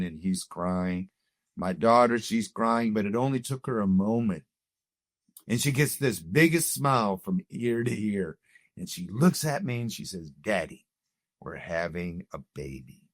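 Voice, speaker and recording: A Canadian man, a guest in a conversation, earnestly shares his heartfelt personal testimony. His voice is fairly low, and the recording is dry with a clean studio sound.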